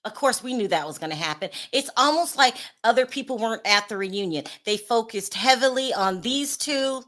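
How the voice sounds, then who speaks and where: A chatty woman hosts a casual reality TV recap, candid and quick to laugh as she talks to the chat. Her voice is bright and forward, sitting a touch high. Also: animated. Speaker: reality TV commentary host.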